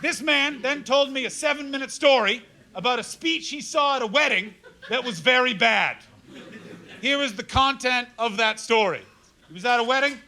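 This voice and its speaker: A man in his thirties telling stand-up stories on stage, animated, breaking into mock crying and voices. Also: very high-pitched, normal speed. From Canada. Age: 30s. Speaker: stand-up comedian. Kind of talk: stand-up comedy storytelling. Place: live comedy club stage. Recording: live room with clear crowd noise. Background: audience laughter.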